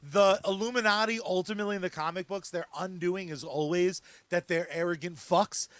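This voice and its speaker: High bright-voiced man, profane and excitable. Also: a little fast, dry recording. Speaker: podcast host. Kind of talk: casual chat.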